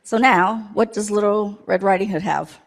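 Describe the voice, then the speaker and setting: A woman's voice: medium pitch, moderate pace, vocal fry. A woman in a church service telling a playful story to children, asking them questions as she goes. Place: church sanctuary.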